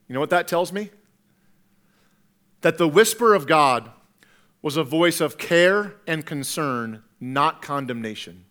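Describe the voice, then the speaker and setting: Brief: male pastor, earnest sermon delivery, high bright voice. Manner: earnest, swings from loud to hushed, repeats words.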